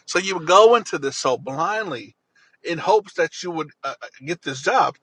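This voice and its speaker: A man's voice: a little high, expressive, moderate pace, a bit bright, breathy edge, no room sound, low-quality recording. A man telling a personal story in an earnest, rambling way, often repeating himself.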